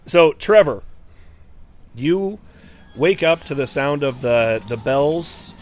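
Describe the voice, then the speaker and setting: A man's voice: fairly high pitch, expressive, slight background noise. A man narrating a tabletop game as game master, with many fillers and restarts. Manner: halting, frequent fillers and laughs.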